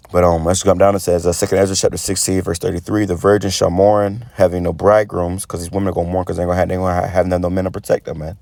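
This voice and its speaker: A man giving a casual preaching monologue, rambling and stammering as he repeats words, and reading scripture slowly and deliberately. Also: low voice, darkish tone, dry recording. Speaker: street preacher.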